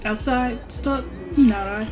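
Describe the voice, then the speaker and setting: A young woman with a slightly high voice tells a storytime over a meal in loose, slangy chat. She hammers lines home by saying them twice, animated throughout. Faint music sits under her. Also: takes it slowly. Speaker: vlogger. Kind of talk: casual storytime while eating.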